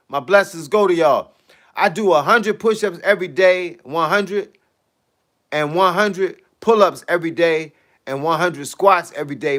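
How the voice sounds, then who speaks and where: Talking into a phone on a live stream, this man who coaches fitness and boxing keeps things casual, lively, and full of slang, with frequent laughter. His voice sits a little high.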